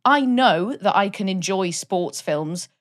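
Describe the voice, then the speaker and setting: A woman's voice: medium pitch, animated, slow pace. A woman co-hosting a casual film review chat, chatty and enthusiastic. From Wales. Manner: chatty and enthusiastic, laughs often. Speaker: podcast co-host.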